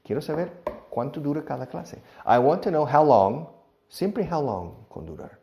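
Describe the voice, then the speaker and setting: Lively male English teacher. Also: on the high side, moderate pace, gravelly. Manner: animated, switches between teacher and pupil voices in drills. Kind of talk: classroom lesson, acting out question-and-answer dialogues.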